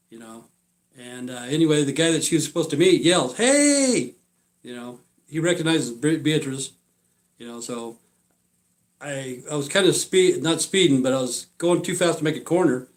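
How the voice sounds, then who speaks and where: A man in his sixties telling a long personal story on a live stream, rambling and blunt, full of fillers, often trailing off quietly at the ends of phrases. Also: on the high side. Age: 60s. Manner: blunt and profane.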